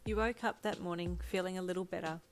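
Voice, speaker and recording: A woman narrating a fan story in the second person, with gentle, even storytelling. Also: lowish voice, fast, faint music behind. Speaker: fanfiction narrator. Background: lo-fi drum loop.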